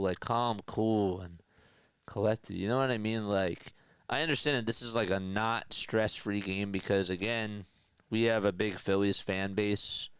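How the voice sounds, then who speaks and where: Chatty male stream host calling pitches between viewer shout-outs, smooth and resonant, dry sound. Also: fairly even intonation, a little slow, dry recording. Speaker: livestream play-by-play host. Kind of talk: casual live play-by-play with chat reading.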